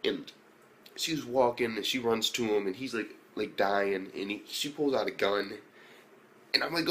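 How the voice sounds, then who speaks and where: A low-voiced man recapping an anime, cursing freely. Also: measured pace, slight background noise. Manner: loose, profane retelling with loud exclaimed reactions. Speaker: anime reviewer. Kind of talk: casual episode recap.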